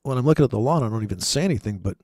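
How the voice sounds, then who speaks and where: A man's voice: mid-range voice, lively intonation, rapid-fire, a little mellow, no room sound, studio quality. Rambling joking Michigan man. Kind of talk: casual chat.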